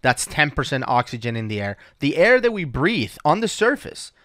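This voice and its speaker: A man's voice: fairly high pitch, big pitch swings, normal speed, a bit bright, no echo, studio quality. A man hosting a dive talk show, patiently explaining things step by step in a casual chat. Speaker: dive instructor and podcast host.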